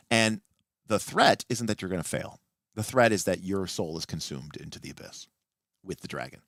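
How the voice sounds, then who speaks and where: A man with a fairly low voice hosting a late-night livestream, animatedly explaining tabletop rules and often restarting mid-sentence. His pitch moves around a lot, and the sound is dry and close. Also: fairly bright tone, no room sound. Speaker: livestream host and game master.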